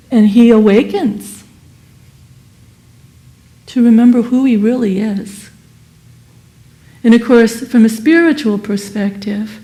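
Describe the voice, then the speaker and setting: A woman giving a Sunday service sermon and telling a parable in an animated, expressive way. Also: a little high. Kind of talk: sermon with storytelling.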